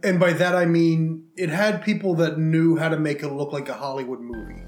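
A man's voice: on the high side, steady tone, moderate pace. A man co-hosting a podcast in casual, rambling chat, with many fillers. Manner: rambling, chatty, lots of fillers. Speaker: podcast co-host. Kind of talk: casual chat about movies and games. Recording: echoey room with faint music.

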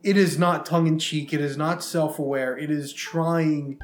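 A man's voice: a little high, steady tone, measured pace. Chatty man in an echoey room. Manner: rambling, chatty, lots of fillers. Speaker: podcast co-host. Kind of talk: casual chat about movies and games. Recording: echoey room with faint music.

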